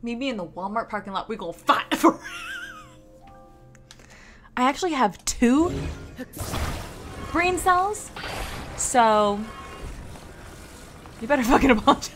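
Slow-talking swearing woman gamer. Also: on the high side, expressive. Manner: frustrated, swears a lot, talks to herself. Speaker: streamer playing a video game. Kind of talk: casual gameplay commentary. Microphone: close desk mic. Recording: game music behind.

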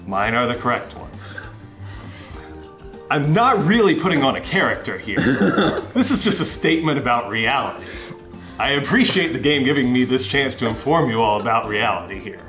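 Mock-arrogant deadpan man, roomy echo. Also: mid-range voice, brisk, soft background music. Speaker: player in a party game. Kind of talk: improvised comic speech on a livestream.

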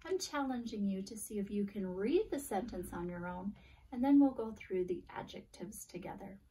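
A woman teacher giving a video phonics and grammar lesson at a board, sounding out letters slowly and clearly. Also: medium pitch, lively intonation, mellow, distant mic. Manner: slow, deliberate sounding-out of letters.

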